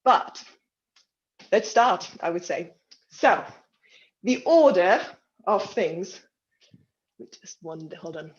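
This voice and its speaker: A woman's voice: lowish voice, animated, slow pace, long pauses, highs cut off. A woman leading an online dance class over a video call, counting and cueing moves in an encouraging way, a little out of breath. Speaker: dance instructor.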